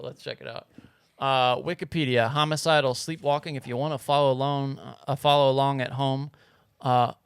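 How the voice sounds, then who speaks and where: A man's voice: medium pitch, smooth, dry recording, clean studio sound. A man co-hosting a podcast in loose casual chat, swearing freely and reading news stories aloud. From grew up on a farm. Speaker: podcast co-host.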